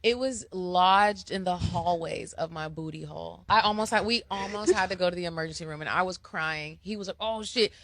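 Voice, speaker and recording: A woman telling a blunt, frank personal story in an animated way. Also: lowish voice, fairly quick, hardly any pauses, a little hiss or hum. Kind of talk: candid storytelling.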